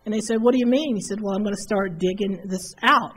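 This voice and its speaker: A woman with a husky, slightly breathy voice delivers a motivational keynote at a conference. She tells a story and keeps returning to an emphatic refrain. Her pitch sits in the middle of the range. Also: quick pace. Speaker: keynote speaker. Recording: faint noise, live conference hall.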